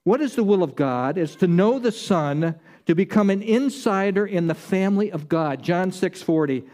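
A man's voice: sits high, lively intonation, moderate pace, a little mellow. A man preaching a sermon, emphatic, repeating his key phrases.

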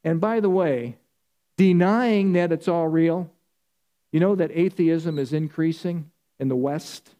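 A man's voice: a little high, a little slow, warm tone. A man preaching a sermon, emphatic and insistent, with repeated phrases, often calling his listeners folks.

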